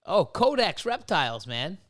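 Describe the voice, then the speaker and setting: A man with a high voice that jumps all over the place hosts a casual podcast chat. He rambles and swears freely, telling stories with a lot of energy. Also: measured pace. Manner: profane, rambling, animated storytelling. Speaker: podcast host.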